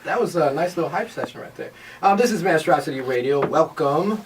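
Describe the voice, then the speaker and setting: A man's voice: fairly high pitch, animated, brisk. A man hosting a casual radio show, hyped up and rambling loosely with his co-hosts in a small studio. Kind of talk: casual chat. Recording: distant mic with faint noise.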